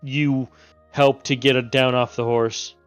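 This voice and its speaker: A man's voice: medium pitch, level tone, unhurried, smooth, faint music behind. A man playing a tabletop role-playing game, casually explaining his character's choices and thinking aloud as he talks. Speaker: player.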